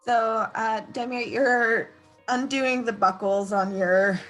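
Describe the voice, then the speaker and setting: A woman's voice: fairly high pitch, fairly even intonation, slow pace, fairly bright tone, soft background music. A woman running a tabletop game as game master, describing the scene to the players in a laid-back way.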